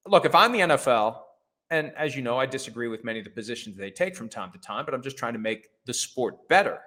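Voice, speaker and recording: A middle-aged man hosts a sports talk show in a mid-pitched voice. He gives blunt, opinionated commentary with a sarcastic edge and swears casually. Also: animated, quick pace, bright, forceful tone. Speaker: host.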